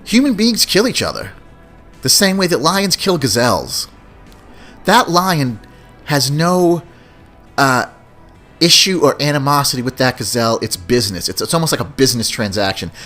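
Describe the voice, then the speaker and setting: A man's voice: medium pitch, sing-song, moderate pace, fairly bright tone, soft background music. A man hosting a podcast, talking through an opinionated solo monologue with blunt, profane storytelling. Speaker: podcast host.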